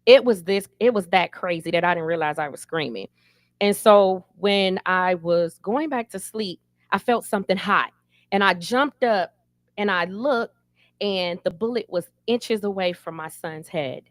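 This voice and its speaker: A woman's voice: medium pitch, unhurried, no room sound, clean studio sound. A middle-aged woman running for city council, answering an interview in a candid, emphatic storytelling manner.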